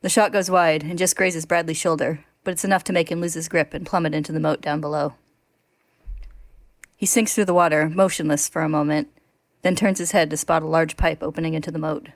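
Low-voiced woman reading a recap. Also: steady tone, brisk, no echo. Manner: laughs often, reads steadily. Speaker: podcast co-host reading a recap. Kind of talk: casual chat and read-aloud story summary.

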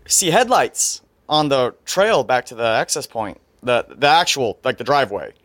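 A man's voice: mid-range voice, sing-song, moderate pace, a bit bright, no echo. A man telling a story in a casual podcast chat, setting out the details step by step.

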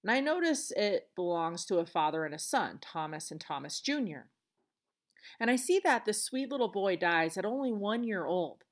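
A woman's voice: mid-range voice, sing-song, normal speed. A woman hosting a podcast, retelling events alone in a chatty, earnest way with casual asides. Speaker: podcast host. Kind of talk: solo podcast storytelling.

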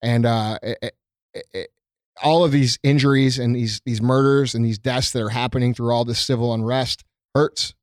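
A man's voice: mid-range voice, fairly even intonation, normal speed, darkish tone, no room sound, clean studio sound. A man, a small business owner, speaking to his followers in an unscripted, heartfelt monologue. He is earnest and emotional, swears freely and often stumbles with ums and restarts. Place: his company premises, indoors.

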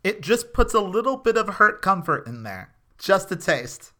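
A podcast co-host giving playful, animated commentary and quick jokes in casual chat. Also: medium pitch.

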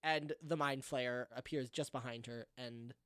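A woman's voice: a bass voice, fairly even intonation, a little slow, a bit bright, no echo, studio quality. A woman narrating a tabletop game podcast as game master, with many ums and uhs. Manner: hesitant, filler-heavy narration.

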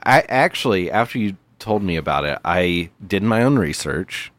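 A man's voice: low-pitched, animated, normal speed, a bit bright. A man co-hosting a podcast, chatting casually and joking playfully. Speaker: podcast co-host. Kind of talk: casual comedic chat.

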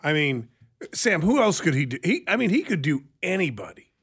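A man's voice: a little high, sing-song, moderate pace, fairly bright tone, husky. A male radio co-host telling stories and teasing his colleagues in casual studio chat. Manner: storytelling, teasing, chuckling.

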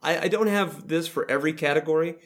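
A man's voice: fairly high pitch, fast, fairly bright tone. A man hosting a casual roundtable chat about video games, leading the group and laughing easily. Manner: leads the discussion, laughs easily. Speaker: podcast host.

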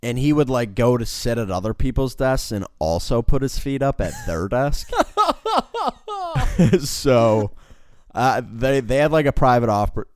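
A man's voice: medium pitch, measured pace, darkish tone, clean tone, dry recording, clean studio sound. A young man casually telling a work story, rambling with lots of fillers and frequent laughs.

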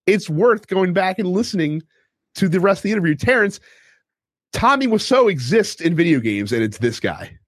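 A man's voice: high-pitched, big pitch swings, normal speed, dry recording, clean studio sound. A man hosting a podcast in casual chat, acting out quotes and swearing freely. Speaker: podcast host.

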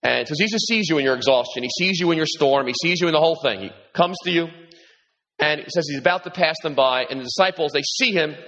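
A man preaching a sermon as pastor, animated and repeating himself, his voice lifting when he quotes Jesus. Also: fast talker. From New York. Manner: animated, repeats words, rises in pitch when quoting Jesus. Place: large hall with congregation. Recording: echoey hall, dull sound.

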